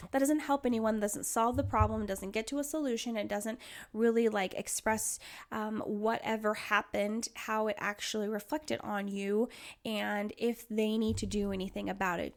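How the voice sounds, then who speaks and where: A young woman talks through advice on her solo podcast, chatty and earnest, circling back to repeat her key points. Her voice sits a little high and often drops into a gravelly fry at the ends of phrases. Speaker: podcast host.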